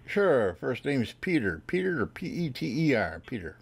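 A man's voice: mid-range voice, sing-song, moderate pace, gravelly, husky. A man baiting scam callers on the phone, teasing them with silly fake names and mocking replies. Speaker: scam baiter. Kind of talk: prank phone call.

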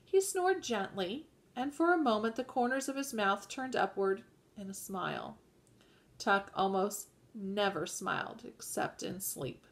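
A woman reading a novel aloud in a measured way, sometimes correcting herself mid-sentence. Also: mid-range voice, animated. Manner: measured, occasional self-corrections. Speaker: audiobook reader.

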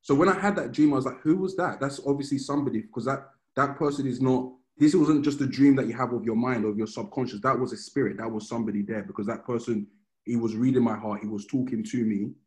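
Man preaching in a relaxed, chatty way. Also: mid-range voice, fast talker, rough recording. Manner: informal, storytelling, often restarts phrases. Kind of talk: conversational sermon.

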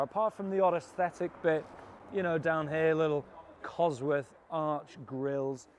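A man's voice: medium pitch, darkish tone, slight background noise. A British man presenting a walkaround of a classic car auction, enthusiastic, cheeky and full of jokes. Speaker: car vlogger.

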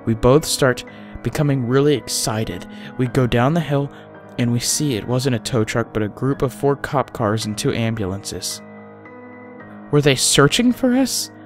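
A man tells a first-person horror story in a mid-pitched voice. He often drops to a hushed, breathy tone at tense moments. Faint music plays underneath. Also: normal speed. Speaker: narrator.

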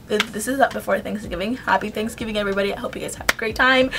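A woman's voice: medium pitch, steady tone, very fast, creaky, few pauses, fairly bright tone, slight background noise. A young woman chatting casually at home through a makeup tutorial, rambling with frequent "like" and "um". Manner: chatty, rambling, uses "like" and "um" often. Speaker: beauty vlogger.

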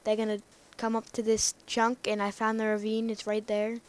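A woman rambling through casual gameplay commentary, talking excitedly to herself and to the game's characters. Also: a little high, normal speed. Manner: rambling, excitable self-talk to the game. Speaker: let's play gamer.

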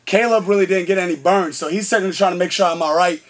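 Guest: young man, high voice, excitable storyteller who acts out the lines. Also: fast. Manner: excitable, filler-heavy, acts out quotes. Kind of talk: casual storytelling.

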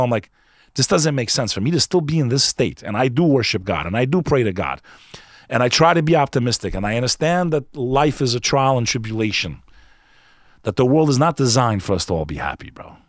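A man's voice: medium pitch, sing-song, brisk, no echo, clean studio sound. A man guest on a podcast, telling a personal story in an emphatic, earnest, casual way, often saying "bro". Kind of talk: candid conversational storytelling.

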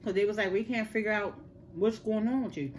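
A woman's voice: medium pitch, a little fast, a little hiss or hum. Older woman telling a story. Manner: animated, repeats words for emphasis, addresses listeners as y'all. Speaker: host. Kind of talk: casual storytelling.

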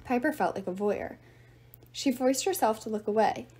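Mellow woman reading a novel aloud. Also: on the high side, moderate pace. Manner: steady storytelling narration. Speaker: reader.

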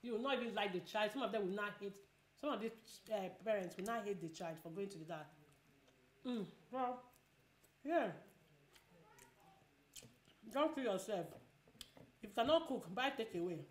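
A woman's voice: medium pitch, expressive, moderate pace, long pauses, reverberant. A woman chatting casually while eating, giving advice and repeating herself a lot. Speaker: vlogger.

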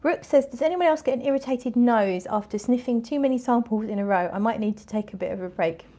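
A woman's voice: on the high side, fast, mellow. A woman in her forties hosting a casual fragrance livestream, reading viewer comments and chatting in a bubbly, rambling way. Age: 40s. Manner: chatty, bubbly, with frequent restarts and laughs. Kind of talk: casual live-stream chat reading comments.

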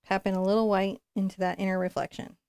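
A woman's voice: medium pitch, flat delivery, fast talker, darkish tone, clear, resonant tone, no room sound. A woman giving a live painting tutorial, chatting and encouraging as she works and thinking aloud. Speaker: painting instructor.

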